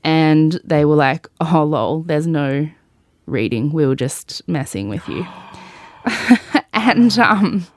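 A woman's voice: deep voice, animated, slow pace, no room sound, studio quality. A woman hosting a podcast, telling a personal story in chatty talk full of "like" and the odd swear word. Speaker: podcast host. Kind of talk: personal storytelling in casual chat.

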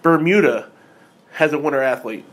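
A man from the United States hosts a podcast, rambling through his points and chuckling as he goes. His voice sits a little high for a man, loose and casual. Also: normal speed. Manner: rambling, many fillers and restarts, laughs often. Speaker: podcast host. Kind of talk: casual chat.

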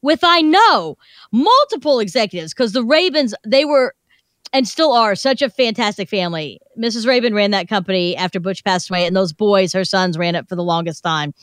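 A woman in her thirties hosting a radio show in a studio, telling a lively story and acting out the other people's voices. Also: medium pitch, normal speed, no room sound. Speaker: radio host.

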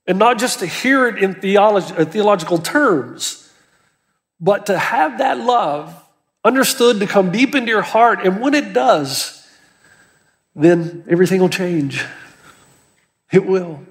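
Male pastor, sermon, high voice, emphatic, long hall reverb. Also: lively intonation, measured pace, pauses often. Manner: earnest, emphatic preaching with rising pitch on key words.

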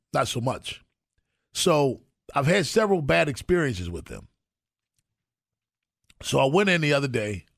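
A man's voice: mid-range voice, gravelly, husky, no echo, studio quality. A male radio morning show host, telling a story with mock exasperation in casual banter.

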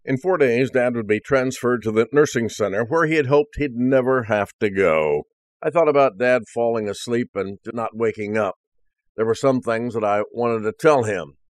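A man's voice: medium pitch, normal speed, no room sound, studio quality. A male preacher earnestly reading a first-person story aloud as part of a sermon.

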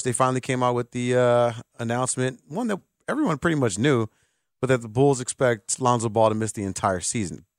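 A man hosting a sports talk radio show, lively and joking, speaking from a radio studio. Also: mid-range voice, no echo. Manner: lively, joking, does voices to mock.

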